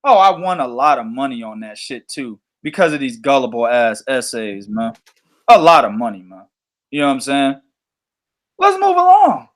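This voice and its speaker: A man hosting a boxing podcast, ranting in a loose, profane, animated way. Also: medium pitch, moderate pace. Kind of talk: casual podcast chat.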